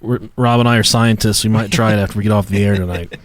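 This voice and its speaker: A man's voice: on the low side, fairly even intonation, quick pace, no room sound. An American man hosting a podcast, joking around and swearing casually. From United States. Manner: joking, profane, laid-back. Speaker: podcast host.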